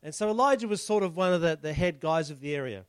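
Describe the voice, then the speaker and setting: Quick and lively, this pastor's fairly high voice has a clean tone and plenty of intonation, recorded dry. He gives a conversational sermon, explaining the text and firing rhetorical questions at his listeners.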